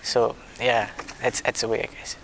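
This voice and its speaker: A man leading a small discussion group, talking in a soft, apologetic way with many restarts. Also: mid-range voice, little pitch movement, moderate pace. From a warm-climate country. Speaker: discussion leader. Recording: background noise.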